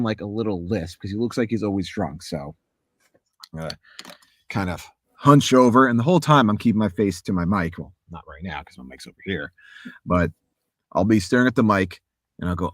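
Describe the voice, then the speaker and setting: A man, a voice actor, chatting casually and animatedly about his craft and demonstrating warm-ups, his voice a little sore. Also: lowish voice, animated, moderate pace, dry recording, clean studio sound. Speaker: voice actor guest. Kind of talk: casual chat explaining voice acting.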